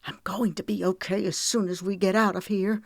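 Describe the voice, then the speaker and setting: Shaken storybook woman, read by a woman, soft and quivering. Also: mid-range voice, little pitch movement, brisk, creaky, no room sound, clean studio sound. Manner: quivering, whispery. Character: shaken, beaten young woman.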